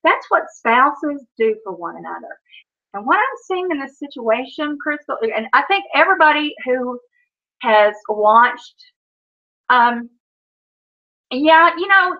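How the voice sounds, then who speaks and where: A woman speaks in a chatty, rambling way to her stream viewers, her voice sitting a little high. She keeps saying "you know", restarts her sentences and laughs between words. The audio is dull and lo-fi. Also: expressive, a little slow. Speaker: YouTube vlogger on a live stream. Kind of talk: casual rambling chat to viewers.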